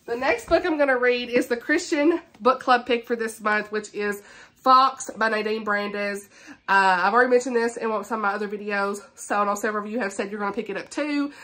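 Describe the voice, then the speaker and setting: Woman in her 30s, a chatty book vlogger who is quick to laugh. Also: on the high side, sharp tone, a little hiss or hum. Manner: chatty and enthusiastic, laughs often. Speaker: booktuber. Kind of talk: casual book chat to camera.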